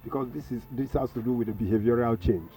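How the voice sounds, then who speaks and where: A man's voice: mid-range voice, fast, warm tone. A man, a professor speaking as a guest on a radio talk show, emphatic and preachy, repeating his phrases. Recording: distant mic with faint music.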